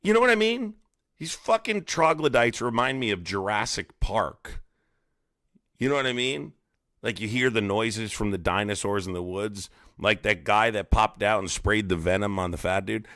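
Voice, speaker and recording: A man's voice: on the low side, moderate pace, a bit bright, dry recording, clean studio sound. A man hosting a livestream, ranting in a profane, mocking, rambling way. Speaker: live streamer host. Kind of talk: casual ranting livestream commentary.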